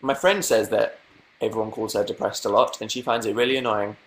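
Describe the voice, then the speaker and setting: A man's voice: on the low side, fairly even intonation, fairly quick. A young British man chatting casually on a live stream, reading out viewer comments with dry, sarcastic asides. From Britain. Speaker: livestream host.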